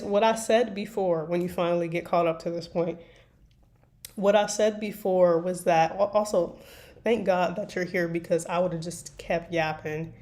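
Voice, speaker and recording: With a lowish, darkish voice, a woman chats casually with live stream viewers as she writes fan fiction at her computer desk. She rambles and pokes fun at herself over the faint sound of typing and clicks.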